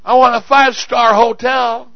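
A male pastor delivers a sermon in a high, lifted voice, dropping low for asides, then shouting calls to the congregation and hammering on repeated words. The sound is dry and close, with a slightly dull, muffled tone. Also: little pitch movement, moderate pace, no room sound. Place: church sanctuary.

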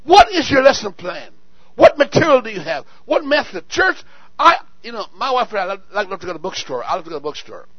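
A male pastor preaching to his church, swinging from quiet asides to shouted exhortations and repeating words for emphasis. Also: high voice, very animated, quick pace, husky, no echo, dull audio. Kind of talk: sermon. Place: church sanctuary.

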